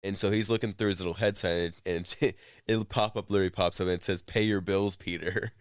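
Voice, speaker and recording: A man's voice: deep voice, fairly even intonation, brisk, no echo, studio quality. A man co-hosting a podcast, recounting a video game scene in casual chat, rambling with many "like" fillers. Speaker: podcast co-host.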